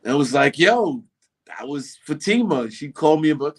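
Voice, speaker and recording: A middle-aged man tells a story in a relaxed interview. He talks with an ordinary mid-range voice and keeps breaking into the voices of the people in his tale. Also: medium pitch, moderate pace. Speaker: interview guest. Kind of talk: casual storytelling.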